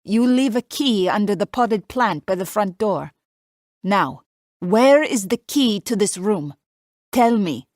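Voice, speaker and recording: A woman's voice: mid-range voice, lively intonation, takes it slowly, darkish tone, no room sound, voice pushed up. An insistent, protective Italian gardener with an Italian accent, as a woman reads him. He speaks in short, clipped demands in a dry, close audiobook recording. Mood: urgent.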